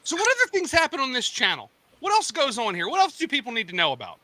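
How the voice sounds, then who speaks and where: A man on a video call playfully taking over the hosting, teasing and quick with questions. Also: very high-pitched, huge pitch swings, sharp tone, a little hiss or hum. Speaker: panelist. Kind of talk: casual game chat over video call.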